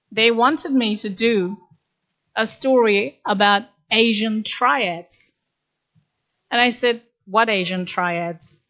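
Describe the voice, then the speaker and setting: With a medium-pitched, sharp voice, a Korean guest speaker in middle age recounts career experiences to a graduating class. Her ceremonial talk stays plain, frank, and chatty, peppered with "actually."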